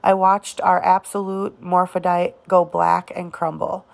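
Low creaky woman reading a novel. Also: flat delivery, measured pace. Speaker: reader. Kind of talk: audiobook narration.

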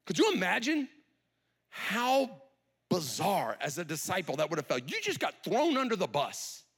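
Male pastor, middle-aged, lively conversational sermon with a bright, high, animated delivery. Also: moderate pace, slightly rough. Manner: conversational, animated storytelling with rhetorical questions.

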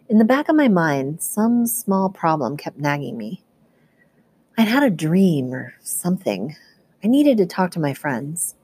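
Low-voiced woman reading a novel aloud. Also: dry recording. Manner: steady first-person storytelling. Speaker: teacher reading to students.

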